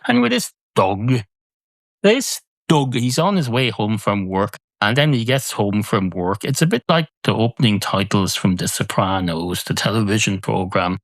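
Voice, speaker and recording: A man's voice: lowish voice, lively intonation, moderate pace, no echo. Give me a man musing aloud in a comic monologue, recorded dry. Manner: rambling, musing, corrects himself mid-thought. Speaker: podcast host. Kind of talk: comedic solo monologue.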